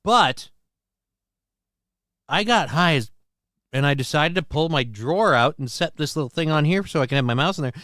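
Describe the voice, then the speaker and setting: Male livestream host, mid pitch, smooth and dry, rambling and profane, self-mocking. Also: animated, moderate pace, pauses often, fairly bright tone, no room sound. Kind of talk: casual livestream chat.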